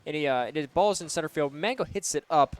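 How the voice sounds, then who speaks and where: A young man casting a college esports match, calling plays in a loose, excitable way with lots of fillers. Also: on the high side, fast talker. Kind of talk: play-by-play commentary.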